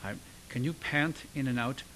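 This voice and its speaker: A man's voice: medium pitch, moderate pace, very noisy. A male voice teacher giving a singing lesson, encouraging and demonstrating sounds for his student. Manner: encouraging, coaching with vocal demonstrations. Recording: loud piano music behind.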